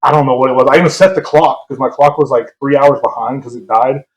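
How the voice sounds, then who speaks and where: A man's voice: mid-range voice, fairly even intonation, fast. A young man chats on a podcast, telling a story in a loose, rambling way. He pokes fun at himself and laughs easily. His voice sits mid-range and carries a roomy echo. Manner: rambling, self-mocking, laughs often. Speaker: podcast co-host. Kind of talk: casual storytelling chat.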